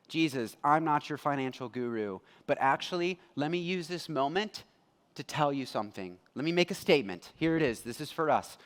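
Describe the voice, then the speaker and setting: A male pastor preaching in a lively, conversational way, with a fairly high voice. Long reverb from a church hall trails each phrase. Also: normal speed. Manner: animated, conversational, acts out quotes. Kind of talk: sermon.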